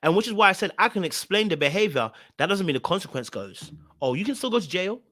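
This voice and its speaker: A man's voice: high-pitched, big pitch swings, fast, bright, forceful tone, dry recording, studio quality. Emphatic man hosting a reaction show. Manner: emphatic, blunt and repetitive, hammering points home. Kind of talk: reaction commentary on a reality show.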